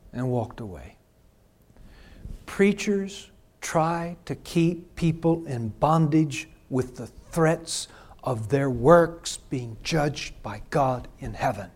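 Animated, lively storytelling male pastor. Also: mid-range voice, takes it slowly, slightly rough. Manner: animated, emphatic, conversational. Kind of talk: sermon with personal storytelling.

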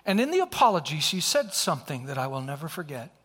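Middle-aged male preacher, earnest storyteller, fairly high voice, husky. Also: sing-song, quick pace, fairly bright tone. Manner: earnest, acts out the dialogue. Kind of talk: sermon storytelling. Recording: long hall reverb.

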